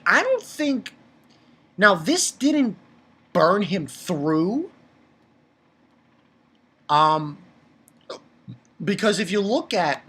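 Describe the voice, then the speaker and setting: Excitable rambling man reviewing comics. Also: breathy edge. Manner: excitable and rambling, jumps up in pitch when worked up. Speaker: manga reviewer. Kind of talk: casual chapter review.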